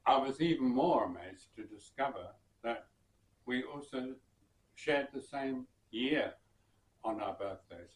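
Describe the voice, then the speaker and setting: A man from southern England, a musician and bandleader, tells a personal anecdote in an unhurried, reflective way with soft chuckles and hesitations. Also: mid-range voice, expressive. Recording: roomy sound from some distance.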